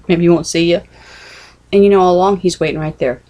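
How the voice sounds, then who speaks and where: A woman's voice: lowish voice, fairly even intonation, normal speed, pauses often, dark tone. A middle-aged woman giving a casual devotional talk, earnest and conversational, often checking in with "okay?" and "you know". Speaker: Christian vlogger.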